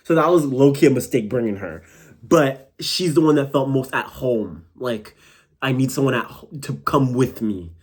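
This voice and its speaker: A young man casually telling a long personal story to camera, animated and rambling, full of "like" and "bro". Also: medium pitch, moderate pace. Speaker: vlogger.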